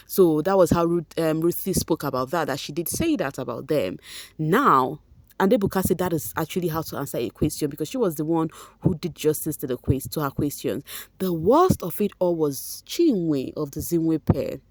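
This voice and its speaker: Nigerian woman, gossip vlogger, tired voice, lowish pitch, dry close sound. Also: normal speed, no room sound. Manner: animated, chatty, mixes in pidgin. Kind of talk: reality show gossip commentary.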